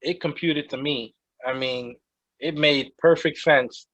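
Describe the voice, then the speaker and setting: A man co-hosting a casual podcast chat, relaxed and self-mocking. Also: on the high side, slow, no room sound. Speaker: podcast co-host. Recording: dry, dull lo-fi sound.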